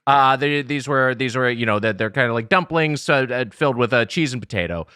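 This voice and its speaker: A man co-hosting a comedy food podcast, rambling and jokey, with halting fillers as he talks. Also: medium pitch, lively intonation, sharp tone, clean tone, no room sound, studio quality. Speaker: podcast co-host. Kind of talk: casual comedy chat, food review.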